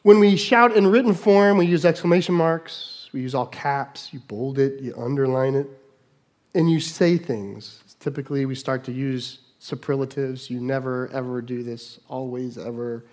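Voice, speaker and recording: A middle-aged man preaching a sermon, moving between loud mock shouts and quiet asides. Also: mid-range voice, normal speed. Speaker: pastor.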